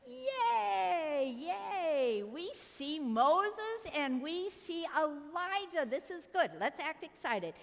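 A woman pastor leads kids through a Bible story in a children's sermon, cheerfully coaxing them, in a church sanctuary with a large church's long echo. Her high, fairly bright voice has big pitch swings and moves slowly with few pauses.

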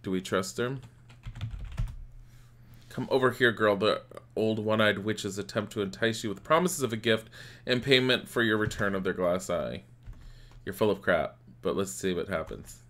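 A man on a live game stream reads each line of on-screen text aloud, then mutters the next command. His voice sits a little low but sounds bright and forward. Faint keyboard typing and a little hiss sit underneath. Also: moderate pace.

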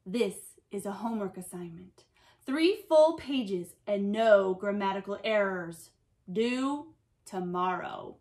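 A woman voicing a stern, fearsome woman writing teacher who snarls and booms her commands, in a storybook read-aloud. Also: expressive, takes it slowly, a little mellow. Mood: booming.

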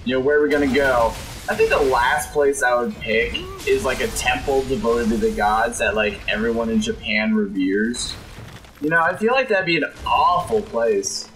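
A young man giving jokey, excitable let's play commentary, reacting to the game and putting on silly voices for the enemies. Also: medium pitch, normal speed, a little hiss or hum. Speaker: gameplay commentator.

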